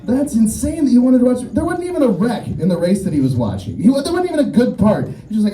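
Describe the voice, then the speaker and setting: A man's voice: very high voice, fast, few pauses, roomy sound, distant mic, slight background noise, low-quality recording. A man performing a stand-up set at an outdoor show, telling stories and acting out the people in them. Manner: animated storytelling, acts out quoted voices. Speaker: stand-up comedian.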